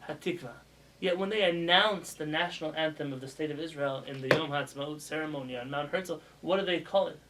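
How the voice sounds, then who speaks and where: A man, a rabbi, giving a casual spoken lesson to students, animated and asking them questions as he goes. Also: on the high side, fairly quick, very noisy. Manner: animated, demonstrates pronunciations with raised voice; asks students questions as he teaches. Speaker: rabbi teaching a class. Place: classroom with students.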